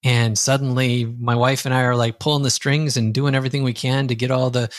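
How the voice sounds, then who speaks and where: Lively storytelling man, dry close sound. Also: medium pitch, fairly quick, dry recording. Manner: lively, acts out quoted dialogue. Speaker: coach and guest. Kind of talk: conversational storytelling.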